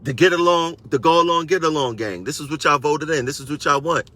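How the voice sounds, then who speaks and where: A man's voice: on the high side, a little fast, sharp tone. A man, a transit union member, ranting on a live stream to his viewers in a combative way and repeating phrases for emphasis.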